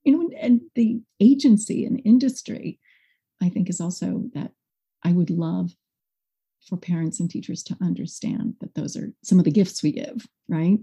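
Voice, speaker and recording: A woman's voice: lowish voice, normal speed, husky. A woman school director as a podcast guest, talking expressively and acting out quotes in a conversational interview. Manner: expressive, animated, acts out quotes.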